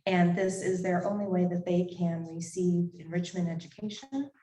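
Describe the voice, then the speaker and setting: A woman on a nonprofit's staff giving clear, informative program facts at a live event. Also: fairly low pitch, steady tone, normal speed, dark tone. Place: event hall. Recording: echoey hall, distant mic.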